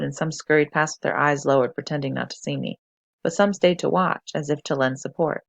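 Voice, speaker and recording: Teacher, read-aloud storytelling, slight vocal fry, dry close sound. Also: mid-range voice, no room sound. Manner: steady, expressive read-aloud. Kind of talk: reading a novel aloud for a class.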